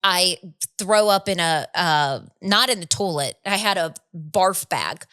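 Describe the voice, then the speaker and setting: Animated woman telling a story. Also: on the low side, measured pace, smooth. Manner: animated storytelling with laughs and acted quotes. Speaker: podcast co-host. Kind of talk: casual chat.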